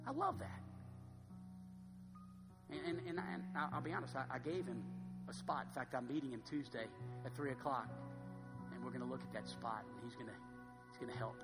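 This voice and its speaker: A man's voice: mid-range voice, a little fast, pauses often. Fervent preacher man in a reverberant sanctuary. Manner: swings from soft and intimate to loud and fervent. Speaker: pastor. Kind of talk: sermon with closing invitation. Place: church sanctuary. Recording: long church reverb with faint music.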